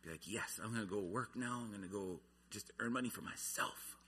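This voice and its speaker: A man's voice: lowish voice, fairly quick, bright, forceful tone, slight background noise. A man preaching a sermon, earnest, his voice rising and falling in intensity. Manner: earnest, rises and falls in intensity.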